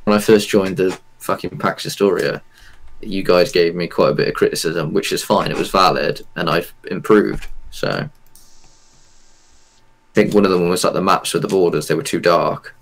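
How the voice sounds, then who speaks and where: A man's voice: sits low, fairly even intonation, normal speed, gravelly. A man chatting casually on his stream, sarcastic and laughing often.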